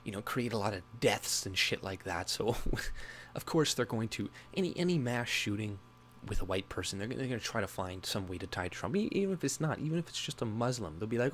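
A man's voice: expressive, fairly quick, fairly bright tone, a little hiss or hum. Laughing, mocking man ranting casually. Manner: rambling, mocking, laughs often, mimics opponents in higher voice. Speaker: political commentary vlogger. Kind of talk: casual political commentary.

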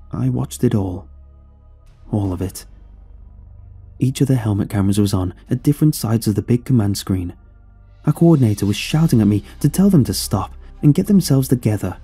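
Dark husky male horror narrator. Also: lowish voice. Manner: somber, measured storytelling.

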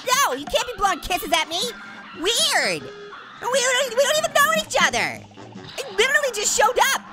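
A man voicing a hyper, wisecracking talking orange as he comments on a game, with a sped-up, pitch-shifted voice, giggling and punning. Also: heavily acted. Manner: giggly, punning, goofy taunts. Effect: sped-up high pitch-shifted voice. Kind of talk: let's play commentary. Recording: loud game music underneath. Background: game music.

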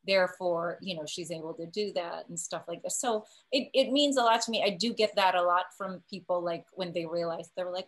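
Animated woman telling a story. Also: lowish voice, fairly quick, few pauses, rough recording. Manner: animated, acts out quoted voices. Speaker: actor and cast member. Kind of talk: casual storytelling on a panel.

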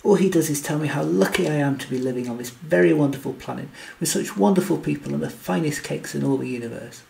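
A man voicing a tall male alien, usually calm, speaking earnestly and insistently. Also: on the high side, fast, vocal fry, distant mic. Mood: indignant.

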